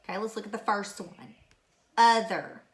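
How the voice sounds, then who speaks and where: A woman's voice: medium pitch, moderate pace. A woman teacher giving a recorded phonics lesson to young pupils, patiently repeating each word. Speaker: third grade teacher.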